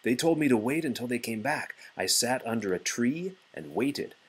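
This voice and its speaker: A man reading aloud and voicing Frog, a calm, confident male frog from a children's storybook who teases while spinning a spooky tale. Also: mid-range voice, normal speed, husky, poor audio. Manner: coaxing, teasing storytelling.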